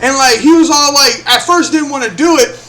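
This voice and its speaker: A young man with a very high, bright, sharp voice tells a story to the camera in a loose, cursing style. He acts out each person's lines as he goes. A faint hiss sits behind him. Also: normal speed. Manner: animated, profane, acts out quotes. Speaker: vlogger. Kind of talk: casual storytelling.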